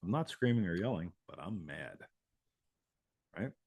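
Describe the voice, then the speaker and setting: A man's voice: deep voice, big pitch swings, a little slow, crowd noise. A man hosting a live show, talking casually in a rambling way, swearing and laughing often. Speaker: host.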